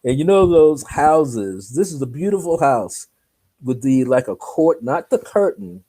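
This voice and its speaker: Mellow-voiced man telling a story. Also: fairly high pitch, expressive, a little slow. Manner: acts out dialogue, laughs often. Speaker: interview guest. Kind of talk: animated personal storytelling.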